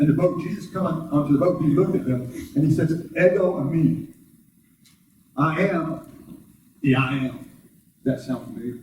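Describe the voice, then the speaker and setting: A pastor with a dark-toned voice preaches conversationally to his congregation in a church sanctuary, asking rhetorical questions and jumping high in pitch when acting out quoted voices. The room is very echoey, he is far from the mic, and there's a little hiss or hum.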